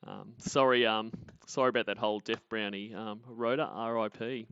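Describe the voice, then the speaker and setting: Bright-voiced Australian man chatting. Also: on the low side, steady tone, moderate pace, vocal fry, clear, resonant tone, dry recording, dull audio. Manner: rambling, lots of fillers and restarts. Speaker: podcast co-host. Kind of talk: casual chat.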